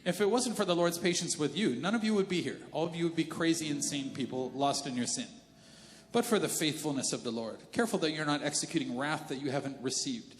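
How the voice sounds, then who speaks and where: A male pastor preaching a sermon in a casual, animated, conversational way. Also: on the high side, fast. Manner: conversational and animated, slips into character voices. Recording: reverberant church hall with faint music.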